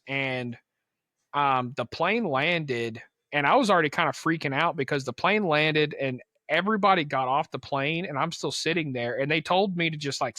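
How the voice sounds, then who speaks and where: A man's voice: a little high, bright, forceful tone, no echo, clean studio sound. A young man on a podcast telling a story in a casual, slangy way, acting out the people he quotes. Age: young adult. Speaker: podcast co-host.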